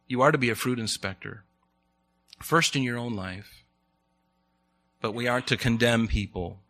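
A man's voice: mid-range voice, sharp tone. A man preaching a sermon in a conversational way, often asking the congregation questions.

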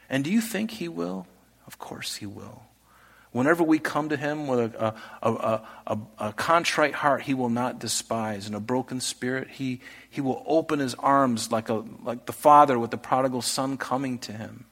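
A man preaching an earnest sermon, posing rhetorical questions and swinging between loud, emphatic lines and soft, hushed ones. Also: medium pitch, moderate pace, vocal fry. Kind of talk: expository sermon.

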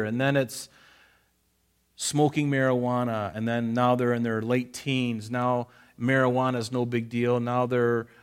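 A man's voice: mid-range voice, clear, resonant tone. A man preaching a conversational Bible-study sermon, folksy, repeating phrases for emphasis and telling listeners to underline verses. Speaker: pastor.

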